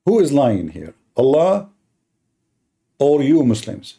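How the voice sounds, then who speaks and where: A man hosting a heated live-stream debate, mocking and combative, speaking as a with halting restarts. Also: medium pitch, sing-song, dark tone, husky. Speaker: livestream debate host.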